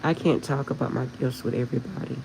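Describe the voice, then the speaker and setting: A woman's voice: extremely low pitch, fast talker, creaky, noisy background. A woman hosting a spiritual livestream, talking to her viewers in a heartfelt, emotional way. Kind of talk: casual livestream chat with viewers.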